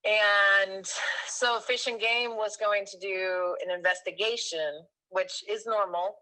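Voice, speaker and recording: A woman in her thirties, appearing as a guest, tells a personal story in a casual, animated way, rambling with fillers and correcting herself as she goes. Her voice is mid-range and slow, and the recording quality is low.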